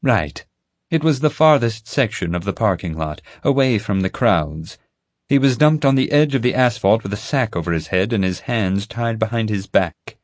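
A man voicing a stern, commanding woman FBI agent in an audiobook, brisk and insistent. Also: lowish voice, lively intonation, dry recording, studio quality, lightly acted. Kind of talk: audiobook character voice.

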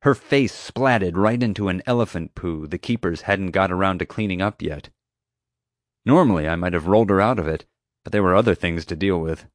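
Male narrator, low voice, dry close studio sound, first-person storytelling. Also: a little fast, no room sound. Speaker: audiobook narrator.

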